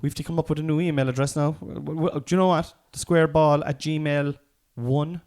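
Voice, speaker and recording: An Irish man chatting casually on a podcast, animated and swearing freely. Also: on the high side, fairly quick. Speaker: podcast co-host, former referee.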